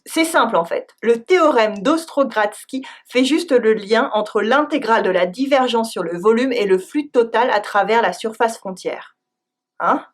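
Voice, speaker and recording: A woman with a French accent giving a scripted language lesson, saying example phrases twice and then translating them. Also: a little high. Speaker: French teacher.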